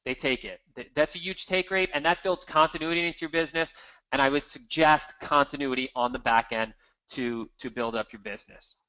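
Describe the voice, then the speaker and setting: A man with a bright, forceful voice pitched a little high, presenting a marketing seminar. He talks in an energetic, emphatic, salesy way, pushing points home to the room. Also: fairly quick, smooth, low-quality recording. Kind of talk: seminar talk with slides.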